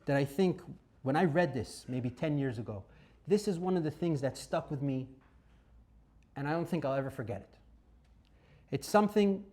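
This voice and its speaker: Rabbi, high voice that leaps around, dramatic lecturer quizzing the room. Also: male voice. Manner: dramatic, swings between loud bursts and hushed asides, asks the audience questions. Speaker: rabbi teaching a Torah class. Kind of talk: animated Torah lecture.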